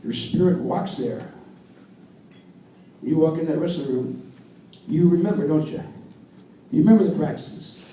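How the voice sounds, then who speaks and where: A man's voice: fairly high pitch, measured pace, long pauses, dark tone. An older American man, a wrestling coach, giving an earnest induction speech at an awards dinner, repeating his points for emphasis. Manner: earnest, storytelling, emphatic repetition. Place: banquet hall with audience. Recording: distant, echoey hall with faint room noise.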